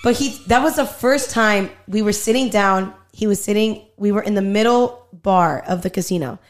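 At a moderate pace and in a mid-range voice, a woman recounts a story during a relaxed chat. She tells it with animation, cursing freely and performing other people's lines.

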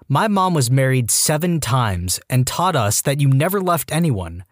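A man narrating a series of online posts in an expressive, read-aloud style. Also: medium pitch, moderate pace, dry recording, clean studio sound. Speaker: narrator reading Reddit posts.

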